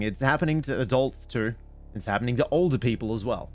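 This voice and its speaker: A man streaming casual commentary and reading stories aloud in an animated, digressive, self-mocking way. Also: mid-range voice, fairly quick, soft background music.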